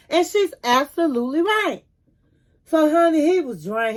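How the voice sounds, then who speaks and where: A woman's voice: high voice, lively intonation, moderate pace. A woman hosting her own channel, recapping a reality show in a sassy, chatty way and calling listeners honey. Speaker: commentary channel host.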